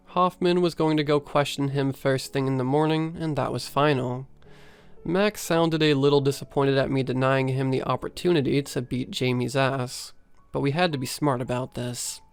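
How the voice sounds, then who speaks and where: A man reading a first-person horror story aloud in a steady storytelling manner. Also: medium pitch, clean tone. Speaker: story narrator.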